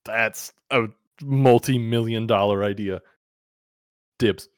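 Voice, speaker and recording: A man's voice: slow pace, dry recording, studio quality. A man playing a tabletop role-playing game, playful and laughing often. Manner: playful, laughs often, voice jumps high when excited. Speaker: player.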